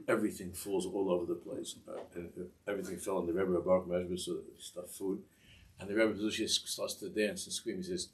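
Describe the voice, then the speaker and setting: Telling a Hasidic tale in class, this Torah teacher speaks in a very low voice with little pitch movement. His delivery is rambling and halting, full of restarts and asides, and he's seated well back from a distant microphone.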